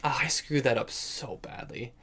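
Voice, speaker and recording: During a live-streamed chess session, a young man narrates his moves, reasoning aloud and chiding himself in casual slang. His mid-range voice has a fairly bright tone with a breathy edge, delivered at a moderate pace.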